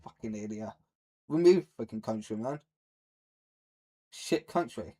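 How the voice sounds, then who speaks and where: A man's voice: on the low side, animated, a little slow, long pauses, warm tone, breathy edge. A man on a live stream, ranting at his chat in a profane, mocking, hostile way. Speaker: livestreamer.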